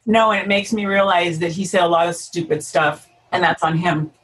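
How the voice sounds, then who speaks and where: A woman's voice: fairly low pitch, fairly even intonation, normal speed, a bit bright, rough recording. A woman taking part as a volunteer over a video call, speaking in an earnest, emotional way. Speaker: volunteer participant.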